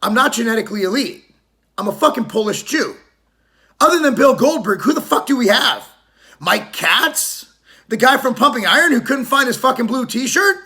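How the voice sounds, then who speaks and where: Brash middle-aged fitness vlogger mid-rant: high, sharp, lively, profane and mocking. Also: male voice, moderate pace.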